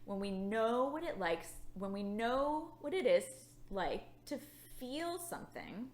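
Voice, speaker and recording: Slow, lively woman teaching children. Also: a little high. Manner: slow, animated and playful, with yawns. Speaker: children's church leader. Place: church. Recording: echoey room.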